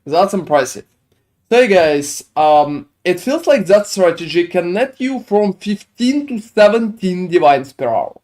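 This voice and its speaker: This French-accented streamer's high-pitched, darkish voice swings widely in pitch, and he talks a little slowly with hardly any pauses. As he games, he chats casually with his audience, rambling through chat replies full of fillers.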